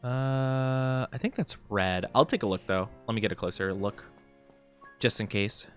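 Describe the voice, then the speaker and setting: A young man streaming a game as a VTuber, chatting casually and rambling with lots of fillers and quick laughs. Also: fairly low pitch, soft background music. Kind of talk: casual chat while playing a game.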